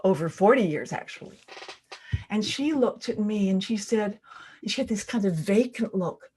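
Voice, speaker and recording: An older woman telling a personal story live at a storytelling event, pausing for drama and dropping to a hush at tense moments. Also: medium pitch, animated, slight background noise.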